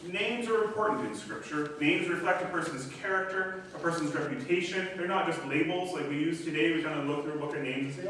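A male pastor preaches to a congregation in a church sanctuary, his bright, slightly high voice leaning on each phrase of scripture. The room rings with heavy echo, and he sounds set back from the microphone. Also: a little hiss or hum. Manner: reads scripture aloud with slow emphasis. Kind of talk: sermon. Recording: echoey church from a distance.

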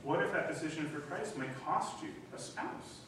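A middle-aged man preaching a sermon as pastor, animated and acting out voices in the quoted dialogue. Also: a little high, normal speed. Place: church hall. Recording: echoey room from a distance, faint noise.

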